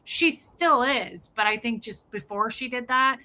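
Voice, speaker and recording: Bright-voiced chatty woman podcaster. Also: a little high, measured pace. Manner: animated storyteller, many "like" fillers. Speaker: podcast co-host. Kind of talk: casual chat.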